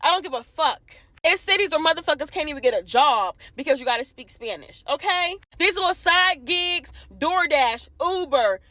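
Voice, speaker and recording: High, bright, angry woman ranting. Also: lively intonation, moderate pace, few pauses, dry recording. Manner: heated, profane, repetitive. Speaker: commentator ranting to camera. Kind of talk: profane angry rant.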